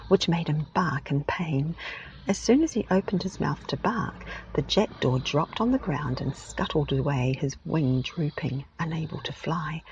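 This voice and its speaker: A British woman reads a story in a soft-spoken ASMR style, her low voice gravelly and whispery. The sound is muffled and lo-fi from a parked car, with a faint baby snoring behind. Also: a little hiss or hum. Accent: British English. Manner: whispery, gentle.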